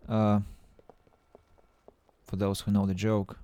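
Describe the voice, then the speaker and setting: Halting man streaming a game. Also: medium pitch, animated, a little mellow. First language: Russian. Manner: halting, stammering restarts, playful self-mocking. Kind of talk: casual game-stream chat.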